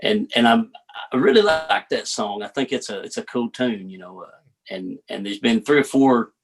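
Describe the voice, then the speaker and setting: A man's voice: medium pitch, animated, normal speed, background noise. A man with a Southern US accent, a country singer chatting as a guest in a laid-back drawl, often calling the host "man". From United States. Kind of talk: casual interview chat.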